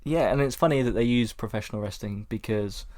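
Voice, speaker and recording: A man's voice: on the low side, fairly quick, darkish tone, no echo. Young man reviewing a film in a dry booth. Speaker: podcast co-host. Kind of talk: casual film review chat.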